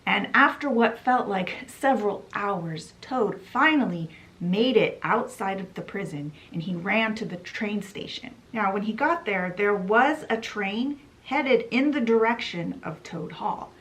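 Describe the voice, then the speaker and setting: A woman's voice: mid-range voice, animated, unhurried, hardly any pauses, a bit bright, low-quality recording. A woman hosting a book channel, summarizing a classic story in a chatty, playful way with dramatic asides.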